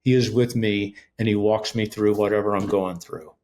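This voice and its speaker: With a lowish, slightly mellow voice, fairly even intonation, and normal pacing, a middle-aged ministry leader gives his personal testimony as an interview guest. He retells it earnestly, acting out the conversations, and there's slight background noise.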